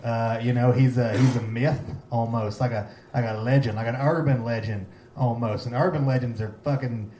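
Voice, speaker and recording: A man doing a stand-up comedy set, rambling and excitable, jumping from one thought to the next. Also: medium pitch, normal speed, few pauses, slight background noise. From Gate City, Virginia. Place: comedy club stage. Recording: echoey room, faint ambience.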